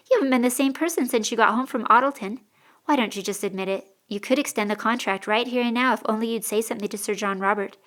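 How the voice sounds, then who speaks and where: A woman voicing a gentle, teasing young woman, the heroine's sister, who coaxes and chides softly in an audiobook. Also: a little high, lightly acted. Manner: gentle and coaxing.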